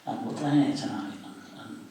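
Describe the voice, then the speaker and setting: A man in his seventies, a guest at a public meeting, telling anecdotes in a lively storyteller's way and briefly voicing the people he quotes. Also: medium pitch, moderate pace, creaky, slight background noise. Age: 70s. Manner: lively raconteur, acts out quoted voices. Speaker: interview guest, former student union officer. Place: civic meeting hall. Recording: very echoey hall, distant mic.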